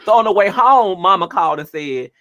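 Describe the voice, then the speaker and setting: A man co-hosting a radio talk show, telling stories in an animated, theatrical way. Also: sits high, brisk, shouting, lo-fi sound. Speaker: radio co-host. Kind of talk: casual storytelling chat.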